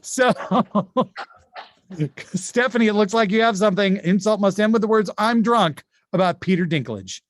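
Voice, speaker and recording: A man hosting an improvised insult game from home over a video call, chatty, with quick asides and frequent laughs. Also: sits high, animated, dry recording, clean studio sound. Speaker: game show host.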